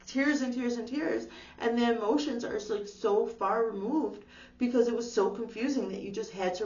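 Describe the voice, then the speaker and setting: A woman with a gravelly edge gives a casual, reassuring tarot reading, peppering her talk with "like". She sits back from the mic in an echoey room, and the sound is dull and lo-fi with a faint hum underneath. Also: medium pitch, recorded from a distance. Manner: gentle, reassuring, uses lots of "like". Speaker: tarot reader.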